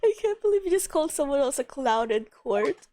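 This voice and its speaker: Excitable high-voiced woman streamer. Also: fairly quick. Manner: giggly, excitable. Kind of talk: casual let's-play chat. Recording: game music behind.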